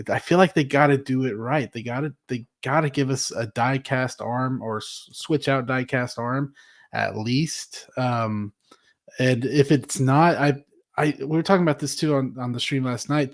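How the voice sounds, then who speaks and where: A man co-hosting a casual collectors' chat, relaxed and hesitant, full of fillers. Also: mid-range voice. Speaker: co-host.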